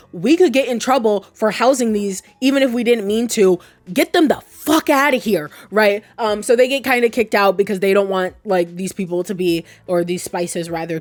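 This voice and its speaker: A woman casually explaining game lore with rambling, profane, jokey asides. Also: medium pitch. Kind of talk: casual chat.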